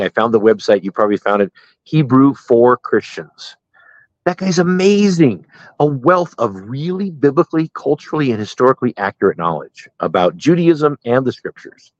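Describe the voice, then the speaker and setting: A man's voice: lowish voice, no echo, lo-fi sound. A middle-aged man, a pastor, telling stories from his life in a casual interview and laughing at his own jokes.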